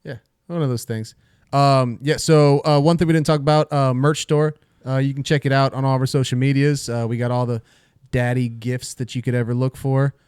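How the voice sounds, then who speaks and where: A man's voice: medium pitch, steady tone, brisk, darkish tone, clean tone, no room sound, studio quality. A man co-hosting a casual podcast, cracking blunt jokes and running through show plugs full of "uh" and "um". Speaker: podcast co-host. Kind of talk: casual chat.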